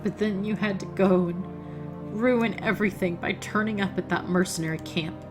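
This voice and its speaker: A woman voicing a dying older male knight, speaking weakly and tenderly in halting phrases over faint music. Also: mid-range voice, fairly even intonation, voice pushed down, natural voice.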